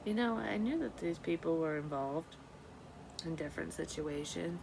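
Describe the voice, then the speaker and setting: A woman's voice: deep voice, normal speed, gravelly, background noise. A woman vlogging in a rambling, profane monologue, talking to herself and now and then dropping into a whisper. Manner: profane, scattered, talks to herself, drops into whispers. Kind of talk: rambling psychic vlog monologue.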